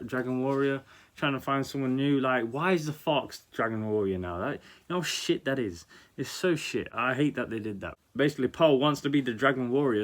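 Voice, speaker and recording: A young man giving a casual, blunt film review, animated and rambling, swearing freely. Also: mid-range voice. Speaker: movie reviewer.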